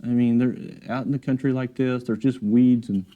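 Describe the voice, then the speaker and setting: A man giving a relaxed, encouraging painting demonstration in his studio, talking while he works. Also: mid-range voice, brisk, few pauses. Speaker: painting instructor. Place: art studio.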